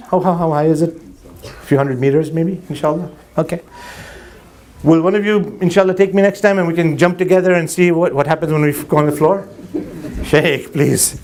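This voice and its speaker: A man preaching a sermon to a congregation, joking with the audience and acting out little dialogues. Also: sits high. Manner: animated, jokes with audience, acts out dialogue. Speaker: Muslim preacher. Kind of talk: sermon with anecdotes. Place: mosque hall before a crowd.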